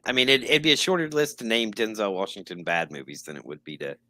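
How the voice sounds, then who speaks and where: A man's voice: lowish voice, sing-song, fast talker, sharp tone. A man co-hosting a casual livestream podcast, trading easygoing banter about movies. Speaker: podcast co-host.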